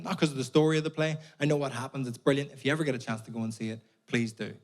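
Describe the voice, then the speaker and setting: A man's voice: on the high side, racing, hardly any pauses. A young Irish man doing a stand-up comedy set, telling stories casually with plenty of swearing and putting on voices for other people. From Northern Ireland. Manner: conversational storytelling, swears freely, puts on voices for others. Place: theatre stage before a laughing audience.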